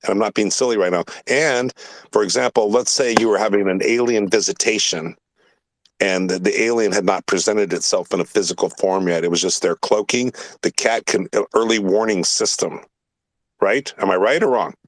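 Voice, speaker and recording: A man's voice: on the low side, normal speed, no room sound. A man hosting a casual talk show, telling a rambling story full of swearing and emphatic asides. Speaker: podcast host.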